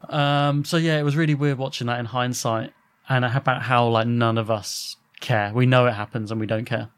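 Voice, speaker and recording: A young man talks casually on a podcast, with a middle-pitched voice. He is animated, drops swear words easily and acts out quotes from people he talks about. His manner is loose, chatty and expressive. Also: moderate pace, smooth.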